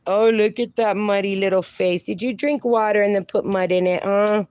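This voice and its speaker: A woman hosts a casual phone livestream outdoors with her dogs, greeting viewers and cooing baby talk at the dogs. Her mid-range voice is smooth and a little mellow, with a steady tone at normal speed.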